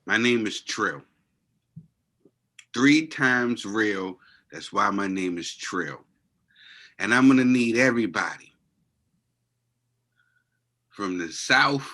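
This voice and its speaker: A man's voice: on the low side, lively intonation, slow, pauses often, fairly bright tone. Playful hype-man podcast co-host. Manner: hype, playful catchphrases and call-outs to viewers. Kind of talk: casual chat reacting to a documentary.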